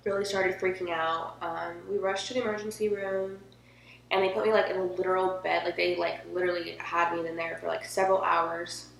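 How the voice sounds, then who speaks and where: A young woman vlogger shares a personal story in a casual, emotional, chatty way, peppering her speech with "like." Her voice is lowish, level and creaky, and she talks a little fast. The room is echoey, with a faint hum underneath.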